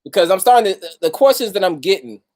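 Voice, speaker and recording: A man's voice: sits high, animated, fast, a little mellow. Slangy, profane man hosting a livestream. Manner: loose, profane, street slang, greets viewers by name. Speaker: host of a livestream talk. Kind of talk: casual livestream talk.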